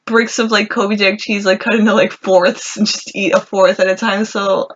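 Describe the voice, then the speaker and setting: A young woman in her twenties co-hosting a podcast, talking casually with her best friend, relaxed with lots of fillers and short replies. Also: medium pitch, moderate pace. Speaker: podcast co-host. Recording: dull lo-fi audio with faint noise.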